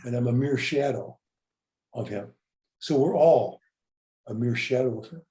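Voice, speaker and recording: A man's voice: medium pitch, unhurried, warm tone, reverberant. An older man hosting a podcast, reflecting earnestly and often repeating words as he speaks. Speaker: podcast host. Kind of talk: reflective interview talk.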